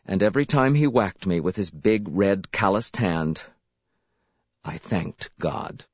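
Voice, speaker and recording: A male audiobook narrator who reads a first-person story slowly and with a wide, lively melody. His voice sits on the low side. The recording is dry and a little muffled. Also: slightly rough, no echo. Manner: expressive, unhurried storytelling. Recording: slightly dull dry recording.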